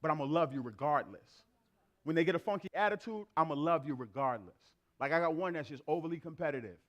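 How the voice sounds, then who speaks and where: High-pitched middle-aged male pastor, lively storytelling preacher in a church. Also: quick pace. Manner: animated storyteller acting out family dialogue. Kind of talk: sermon with comic anecdotes. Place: church sanctuary.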